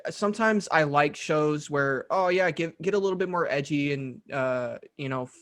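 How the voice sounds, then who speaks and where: A man's voice: fairly high pitch, moderate pace, a bit bright. A young man co-hosting a podcast in casual chat, often stammering, repeating his words and laughing easily. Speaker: podcast co-host.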